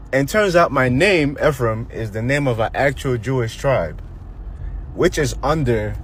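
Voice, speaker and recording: A man from Nigeria casually telling a personal story, animated and acting out the voices of the people in it. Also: medium pitch, a little hiss or hum. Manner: animated, acts out quoted voices.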